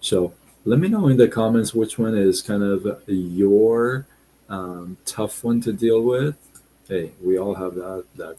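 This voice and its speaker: A man hosting a casual live stream, reading viewer comments and talking in a relaxed, deliberate way with frequent fillers. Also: on the low side, slight background noise, poor audio.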